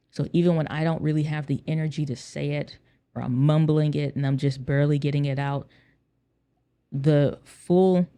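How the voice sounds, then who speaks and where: Guy doing a solo podcast, kinda higher voice with some gravel, earnest chatty way of talking. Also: dark tone. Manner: earnest, conversational, repeats phrases for emphasis. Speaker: podcast host. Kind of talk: casual solo podcast talk.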